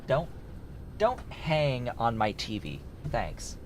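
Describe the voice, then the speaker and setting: This man's pitch swings widely as he streams a game at a slow pace, rambling through casual commentary and thinking aloud. He coos at his cat in a high baby voice. The recording carries faint background music and a little hiss or hum.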